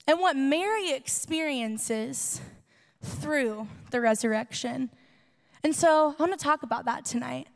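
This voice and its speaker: High-voiced woman preaching in a reverberant hall. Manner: conversational, acting out quoted dialogue; rising to passionate preaching. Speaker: youth pastor. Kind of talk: sermon. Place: church hall.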